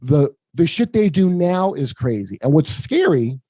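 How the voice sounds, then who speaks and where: A man's voice: sing-song, a little slow, warm tone, slightly rough, dry recording. A man hosting a podcast, rambling and profane in casual chat, often laughing and mimicking people. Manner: mimics people in higher voices. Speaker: podcast host.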